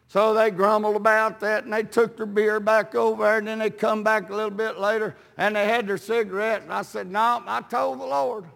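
Older preacher, high and bright with gravel in it, folksy testimony, shouts on the peaks, long church reverb. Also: male voice, flat delivery, brisk, few pauses. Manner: folksy storytelling, peppered with amens, rising to shouts. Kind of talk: sermon with personal testimony. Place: church sanctuary.

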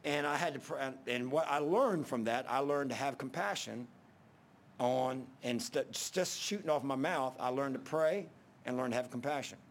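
A preacher gives his sermon as a loose, conversational story, frequently backing up to restart sentences. He speaks at normal speed in an ordinary middle pitch, with faint background hiss in the recording.

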